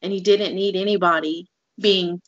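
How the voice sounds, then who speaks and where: A woman's voice: fairly low pitch, steady tone, moderate pace, no room sound, lo-fi sound. A woman co-hosting a podcast, talking in an earnest, casual way that is full of "like"s. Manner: earnest, talks through examples with many "like"s. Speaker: podcast co-host.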